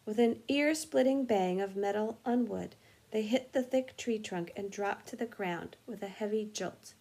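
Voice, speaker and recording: A husky, breathy-voiced woman reading a children's chapter book aloud with lively expression. Her pitch sits mid-range, and she now and then stumbles and corrects a word. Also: a little slow. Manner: animated, expressive reading with small slips. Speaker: music teacher reading aloud. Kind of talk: storybook read-aloud.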